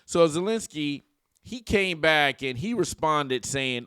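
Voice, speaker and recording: A man's voice: on the high side, lively intonation, moderate pace, a bit bright, no echo, studio quality. A man giving casual, opinionated political commentary for his channel, slangy and full of joking asides. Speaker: YouTube commentator.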